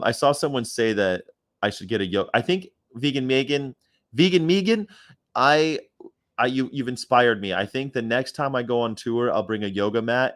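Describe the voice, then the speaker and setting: A man's voice: fairly low pitch, no room sound, clean studio sound. A man chatting casually as a guest, loose and joking, laughing often and swearing offhandedly. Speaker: guest on a video chat show. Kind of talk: casual chat.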